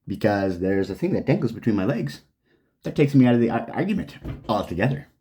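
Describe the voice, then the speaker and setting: A man's voice: medium pitch, big pitch swings, brisk, warm tone. A man delivering an angry, profane, sarcastic rant straight to the camera. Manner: swearing, heated, sarcastic. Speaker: vlogger.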